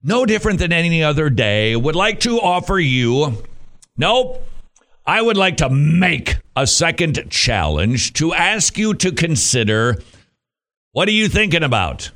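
A man hosting a Christian talk radio show, delivering a jokey, animated monologue with frequent laughs and playful asides. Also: fairly high pitch, unhurried.

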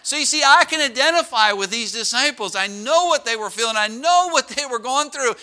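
High, bright-voiced preaching man. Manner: animated storytelling with dramatic slowdowns and drops to a hush. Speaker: pastor. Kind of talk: sermon.

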